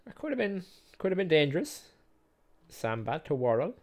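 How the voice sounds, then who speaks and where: A man's voice: on the high side, sing-song, moderate pace, darkish tone. A man hosting a gaming video, calling the match play by play in a chatty, self-mocking way and laughing often. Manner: calls match action play by play. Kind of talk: casual let's-play commentary.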